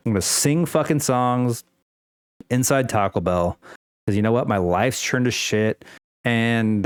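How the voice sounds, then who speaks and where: A man's voice: mid-range voice, measured pace, clean tone, no echo, clean studio sound. A young man ranting casually to the camera at home, rambling with many fillers and restarts and swearing freely. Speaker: vlogger. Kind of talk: unscripted personal rant.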